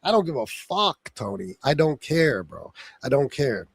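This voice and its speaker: A man's voice: mid-range voice, very animated, a little slow, breathy edge, no room sound. A man hosting a livestream, delivering a profane, taunting rant aimed at someone he insults by name. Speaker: livestream host.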